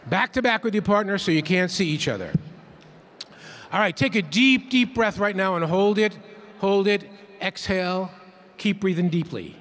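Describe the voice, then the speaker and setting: A man with a high, slightly bright voice speaks at a moderate pace while giving a playful keynote in a large conference hall. It's an interactive plenary, with him leading the audience in call-and-response counting.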